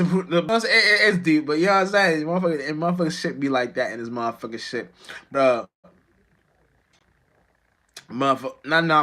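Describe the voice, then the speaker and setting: A man's voice: fairly high pitch, a bit bright. A man musician talking to viewers on a live stream in a rambling, profane and restless way, full of restarts. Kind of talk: casual live-stream monologue.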